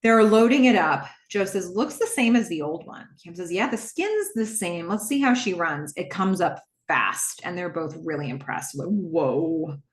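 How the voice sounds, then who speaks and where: Animated woman recapping in an echoey room. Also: fairly low pitch, normal speed, few pauses. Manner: animated, acts out dialogue in quoted asides. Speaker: podcast host recapping a TV episode. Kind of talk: casual recap narration.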